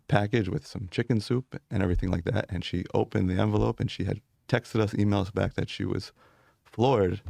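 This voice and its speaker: A man's voice: low-pitched, creaky, dark tone, no room sound, studio quality. A man, a rabbi, telling stories earnestly in a conversational interview, with light laughs.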